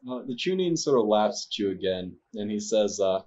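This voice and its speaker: A low-voiced man narrates a tabletop game as its game master, often pausing on fillers. His mic sounds dull and lo-fi. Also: big pitch swings, a little mellow. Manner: hesitant, filler-heavy narration.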